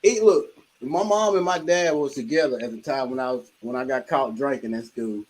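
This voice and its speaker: An older man hosting a livestream, telling animated childhood stories with laughter and acting out his mother's scolding. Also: medium pitch, normal speed, rough recording. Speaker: livestream host. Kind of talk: casual storytelling chat.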